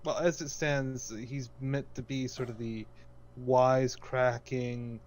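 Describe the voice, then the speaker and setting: A man's voice: mid-range voice, steady tone, takes it slowly, darkish tone. Opinionated man critiquing a cartoon. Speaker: podcast co-host. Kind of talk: casual chat.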